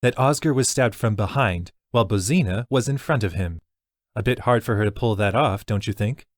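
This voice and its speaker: A man voicing a sharp-witted young woman investigator who talks in a pointed way. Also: on the low side, expressive, dry recording, studio quality, lightly acted. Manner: pointed and quick to snap.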